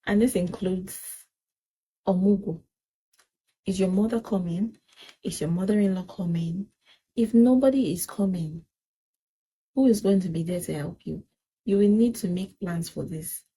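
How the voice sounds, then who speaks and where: A woman's voice: mid-range voice, a little slow, long pauses, mellow, breathy edge, poor audio. A young woman, earnestly giving advice in a casual vlog chat and repeating points for emphasis. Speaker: parenting vlogger.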